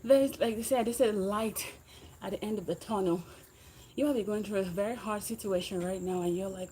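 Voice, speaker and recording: A woman's voice: mid-range voice, steady tone, normal speed, dark tone, slight background noise. A woman livestreaming while she exercises, chatting with viewers and cheering them on to keep going. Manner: encouraging, motivational, talks while exercising on a bike. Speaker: livestreaming fitness vlogger. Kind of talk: casual livestream chat with viewers.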